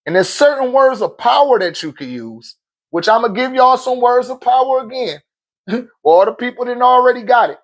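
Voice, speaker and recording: High-voiced man preaching on a livestream. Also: lively intonation, normal speed. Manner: preachy and laughing often, with slangy asides. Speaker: livestream host. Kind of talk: casual livestream talk. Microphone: phone.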